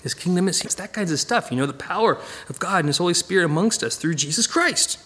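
A man teaching a casual Bible study, animated and digressive, chuckling as he goes. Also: high-pitched, fast.

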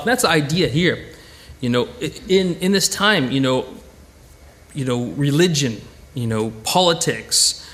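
Man pastor, fairly high voice, animated sermon delivery, many restarts and fillers. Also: big-room sound. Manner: lively, many restarts and "you know".

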